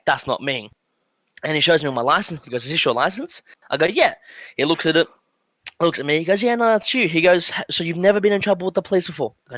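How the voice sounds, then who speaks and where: A man's voice: fairly high pitch, no echo. A young man with an Australian accent telling a story on a casual podcast, acting out the dialogue with lots of fillers. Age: young adult. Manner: animated, acts out dialogue, many fillers. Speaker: podcast guest.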